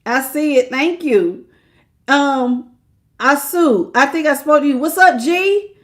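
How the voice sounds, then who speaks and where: A woman with a high-pitched, slow voice gives a casual tarot reading on a live stream. She's chatty, greets viewers by name, and laughs often.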